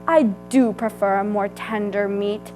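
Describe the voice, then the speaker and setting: A woman voicing a hungry, greedy male fox who talks loudly and gloats in a read-aloud storybook. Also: medium pitch, steady tone, unhurried, faint music behind, natural voice, poor audio. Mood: musing. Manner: loud, growling, gloating.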